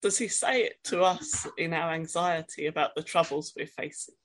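A woman preacher with a lowish voice gives a reflective sermon at a moderate pace. She poses gentle questions and reads scripture with dramatic flair.

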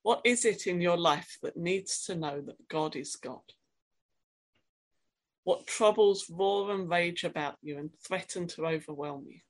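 A woman preaching a sermon, reflective and questioning, reading scripture in a quiet, dramatic voice. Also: on the low side, measured pace.

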